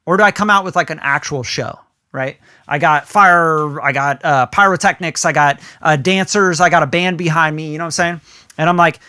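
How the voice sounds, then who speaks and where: A man co-hosting a podcast in loose, casual chat, with a bright, forward voice that sits a little high for a man. He talks animatedly, acts out little scenes and swears without thinking about it. The sound is close and dry. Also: normal speed, no echo. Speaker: podcast co-host.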